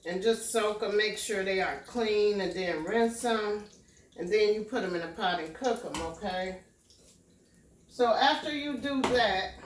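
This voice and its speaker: Slow, unhurried woman cooking in an echoey kitchen. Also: mid-range voice, recorded from a distance, a little hiss or hum. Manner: homey, step-by-step, often checks in with "okay?". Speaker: home cook. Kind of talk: casual cooking demonstration. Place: home kitchen. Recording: echoey kitchen, voice from away from the mic.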